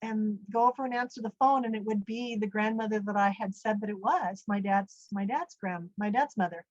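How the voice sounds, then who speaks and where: A woman's voice: mid-range voice, a little fast, no echo, highs cut off. A woman from the United States telling her own story as an interview guest, earnest and rambling with many asides. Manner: earnest, rambling, full of "you know" and "literally". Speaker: guest recounting a near-death experience. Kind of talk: conversational storytelling.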